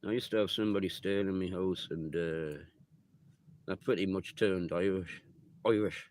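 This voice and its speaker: Deep-voiced rambling man. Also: moderate pace, darkish tone. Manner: swears a lot, rambling and chatty. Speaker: livestreamer reading viewer chat. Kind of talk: rambling casual live chat.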